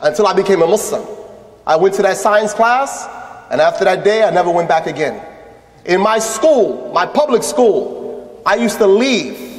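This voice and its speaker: A man, an imam, telling his story in a lively religious lecture and acting out the voices of people he quotes. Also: very high-pitched. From United States. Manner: animated, acts out quoted voices. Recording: echoey hall with long reverb.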